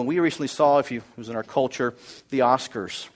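A man's voice: mid-range voice, quick pace. A man preaching a sermon through a Bible passage, emphatic and repeating key phrases as he builds his points. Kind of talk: expository sermon.

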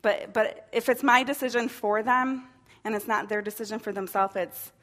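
A woman leads a church small-group lesson, reflective and gently encouraging. She often restarts her sentences as she thinks aloud. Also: on the high side, fairly even intonation, normal speed. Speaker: women's ministry teacher.

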